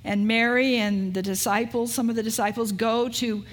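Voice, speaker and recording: A woman pastor preaching a sermon, retelling a story in an unhurried way and asking rhetorical questions. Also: fairly high pitch, fairly even intonation.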